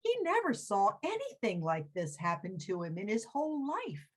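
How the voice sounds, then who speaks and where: A woman who is head of a school, telling a children's story with expressive, dramatic delivery. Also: medium pitch, normal speed, husky. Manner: expressive, dramatic read-aloud.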